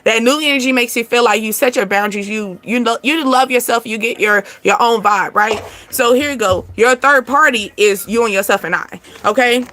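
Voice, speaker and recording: Woman w doing a card reading, chatty and repetitive, kinda high bright voice. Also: moderate pace, hardly any pauses. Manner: chatty, repetitive, laughs often. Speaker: tarot card reader. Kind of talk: casual spiritual card reading.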